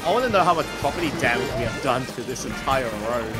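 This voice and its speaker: A man's voice: mid-range voice, lively intonation, quick pace, loud music behind the voice. A man chatting while racing in a game with friends, making dry, wry remarks. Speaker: guest player. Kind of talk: casual chat while gaming.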